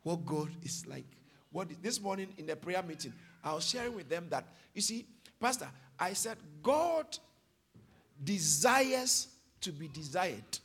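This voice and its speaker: High, animated preaching man. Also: unhurried, breathy edge. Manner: dynamic preaching, swings from soft to shouting, calls on the congregation. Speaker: pastor. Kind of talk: sermon. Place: church hall with congregation.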